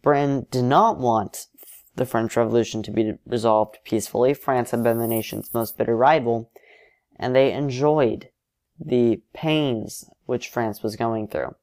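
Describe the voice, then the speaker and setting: Male narrator for alternate history, steady and explanatory, mid-range voice. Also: mid-range voice, a little slow.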